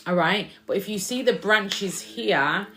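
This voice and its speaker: A woman's voice: medium pitch, measured pace, sharp tone, soft background music. A woman doing a casual, chatty spiritual card reading, often repeating phrases she says she hears from spirit.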